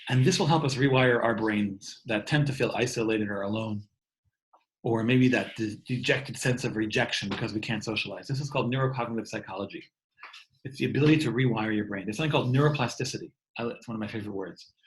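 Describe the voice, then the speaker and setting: Speaking quickly in a lowish voice, a man in his thirties delivers a heartfelt, inspirational talk online from his home via video call. He tends to repeat words as he goes, and the audio quality is low.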